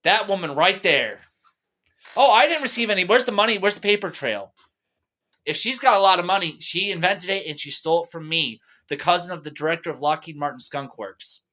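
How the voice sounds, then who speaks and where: Young man, rambling vlog monologue, agitated, bright tense voice, slightly high. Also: expressive, brisk. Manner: rambling, agitated, with many restarts and fillers. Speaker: vlogger.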